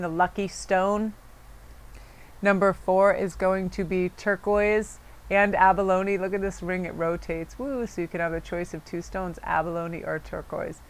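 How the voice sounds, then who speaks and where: A woman leads a spiritual pick-a-card reading in a clear, smooth voice. She talks in a soothing, relaxed way, wandering off into asides and correcting herself as she goes. Her pitch sits in a middle range for a woman. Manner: chatty, rambling, self-correcting. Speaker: tarot card reader.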